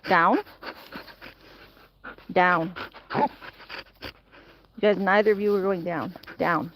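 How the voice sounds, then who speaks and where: A woman's voice: fairly low pitch, fairly even intonation, drawn-out words, a little hiss or hum. A woman vlogging outdoors near woods, playfully giving commands to dogs. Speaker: vlogger, dogsitter. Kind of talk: casual vlog talk to dogs.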